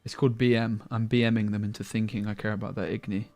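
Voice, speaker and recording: A man's voice: fairly low pitch, flat delivery, fast talker, a little mellow. Man joking through gameplay commentary. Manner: jokey banter with viewers, muttering asides. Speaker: card game streamer.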